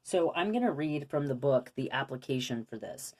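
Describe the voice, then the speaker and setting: A young woman with a low-pitched voice talks viewers through a spiritual card reading. She sounds earnest and coaching, and keeps asking rhetorical questions. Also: expressive, moderate pace, a little mellow. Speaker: intuitive card reader.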